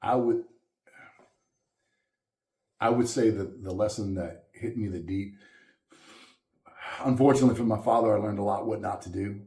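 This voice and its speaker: Animated Southern man, echoey room. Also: on the low side, moderate pace, long pauses. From Louisiana. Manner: animated storyteller, laughs often. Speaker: guest musician. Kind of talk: casual interview chat.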